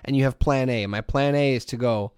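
Man, 30s, podcast co-host, rambling storyteller, mid-pitched voice, dry sound. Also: a little fast, darkish tone, smooth, no room sound. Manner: rambling storyteller, quotes people in put-on voices. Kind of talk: casual chat.

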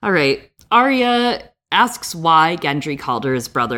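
Low-pitched woman co-host recapping chapters, dry jokes tossed in. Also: big pitch swings, a little slow, bright, forceful tone. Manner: wry, joking asides while recapping. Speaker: podcast co-host. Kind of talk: casual chat, recapping chapters.

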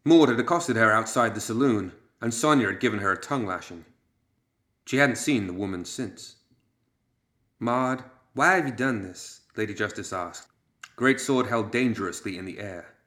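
A man reading a story aloud as audiobook narrator, measured and steady. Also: fairly low pitch, echoey room.

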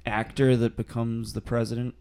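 A man co-hosting a comedy podcast, telling crude rambling stories and often dropping his voice low for asides. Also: little pitch movement, moderate pace, gravelly, crowd noise. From Boston area. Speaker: podcast co-host. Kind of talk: casual comedic chat.

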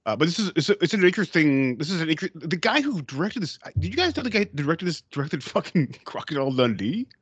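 A man's voice: sits high, lively intonation, racing, few pauses, fairly bright tone, slightly rough, dry recording, lo-fi sound. A man co-hosting a casual movie podcast, rambling and swearing, with many restarts. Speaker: podcast co-host.

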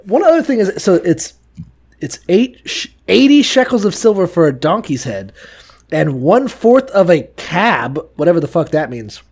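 A man with a high, very lively voice trades jokes in a loose comedic chat. He swears freely, laughs a lot and slips into quick put-on voices. He grew up in Ohio. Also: husky. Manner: profane, laughing, acts out voices. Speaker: podcast co-host.

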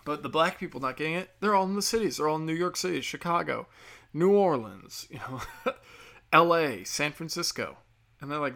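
A man's voice: fairly high pitch, moderate pace, a bit bright. A young man ranting bluntly and sarcastically, swearing often in casual talk. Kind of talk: casual political rant.

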